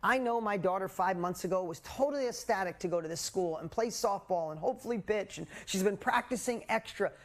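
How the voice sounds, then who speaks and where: A man in his forties, a coach hosting a live group call, telling a personal story in a candid, animated way with casual swearing. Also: sits high, brisk, few pauses. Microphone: video call.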